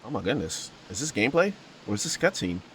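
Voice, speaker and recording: This gaming YouTuber is very animated and quick as he talks through a horror game in casual let's-play fashion, rambling, cracking jokes, and saying "bro" and "y'all" to his audience. His voice is lowish and fairly bright, with slight background noise.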